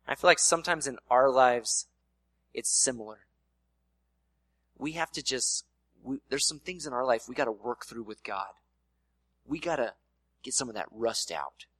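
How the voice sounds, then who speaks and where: A male pastor delivers a sermon in a loose, conversational manner, breaking off now and then for playful voiced asides. His voice sits at an ordinary pitch. The sound is dry and close, with little room echo. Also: moderate pace, long pauses, fairly bright tone.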